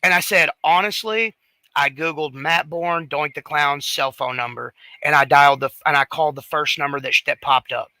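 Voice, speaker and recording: A man chats casually, telling a long and animated story full of restarts and fillers. His voice has a very bright, forward tone and sits slightly higher than most. The sound is dry and close, with no room echo. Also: brisk, few pauses. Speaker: podcast co-host.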